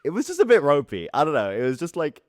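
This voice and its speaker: A man's voice: a little high, wildly swooping pitch, darkish tone, no echo, studio quality. A young man in his twenties co-hosting a podcast in easygoing casual chat. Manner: quick, easygoing, lots of fillers and laughs. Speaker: podcast co-host.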